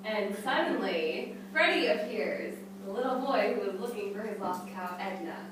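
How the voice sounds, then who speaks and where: A woman in a theatre workshop narrating her part of an improvised story in a measured way. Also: medium pitch, lively intonation. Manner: measured narration, breaking into laughter. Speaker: workshop participant. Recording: echoey room, distant mic, background noise.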